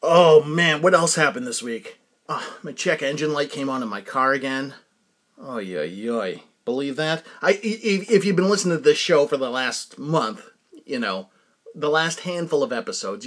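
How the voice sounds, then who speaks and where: A man's voice: medium pitch, expressive, normal speed, a bit bright. A man hosting a podcast in a rambling, casual comic monologue who laughs often at his own stories. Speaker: podcast host.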